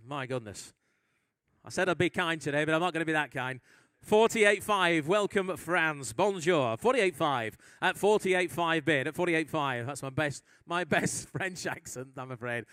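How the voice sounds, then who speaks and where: A man from England runs a live auction, calling bids with brisk rhythm and teasing asides. His voice is higher than most men's, smooth and clear, and it sits close and dry with almost no room sound. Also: fairly bright tone, no room sound. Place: auction hall at a live sale.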